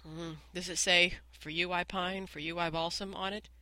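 A man reading aloud and voicing a small, earnest male mouse who teaches a class with brisk, cheerful authority. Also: sits high, little pitch movement, pushed and bright, dry recording.

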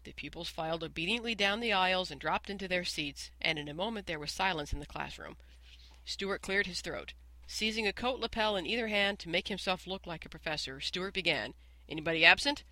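An audiobook narrator reading a children's story in an even, measured way. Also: mid-range voice, no echo, low-quality recording. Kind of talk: scripted narration.

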